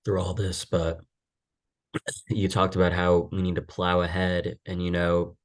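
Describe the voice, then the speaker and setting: A man on a podcast speaking in a halting, emotional way, with frequent restarts. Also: low-pitched, monotone. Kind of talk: conversational podcast talk.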